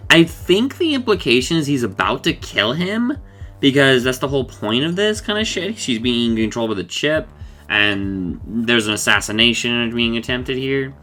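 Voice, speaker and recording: A man's voice: mid-range voice, bright, forceful tone. A man casually recapping a cartoon episode, rambling and acting out the characters' lines, laughing often.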